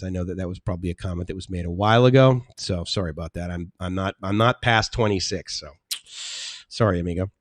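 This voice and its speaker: Rambling, chatty man with a low voice. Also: dry recording. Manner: rambling, chatty, laughs often, restarts. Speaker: live stream host reading chat. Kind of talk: casual live stream chat.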